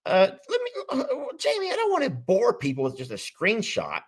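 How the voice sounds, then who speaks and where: A man's voice: high voice, huge pitch swings, normal speed. A man hosting a casual live stream, teasing and laughing often. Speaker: livestream host.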